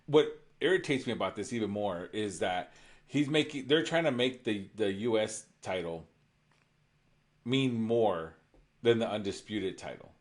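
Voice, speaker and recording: A man's voice: lowish voice, expressive, unhurried. A man co-hosting a podcast, giving blunt, irritated opinions in casual chat about wrestling. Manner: blunt, irritated, says "bro". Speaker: podcast co-host.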